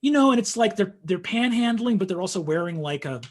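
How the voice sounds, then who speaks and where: A young man telling a story in casual conversation, animated and full of fillers, acting out what people said. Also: sits high, fairly quick. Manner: animated storytelling, acts out quotes, frequent fillers.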